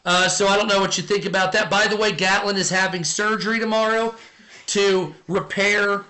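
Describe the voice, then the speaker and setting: A man with a high, bright voice hosts a live stream. He rambles in casual chat, fills gaps with ums and uhs, and reads viewer comments aloud as he goes. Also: fairly even intonation, normal speed.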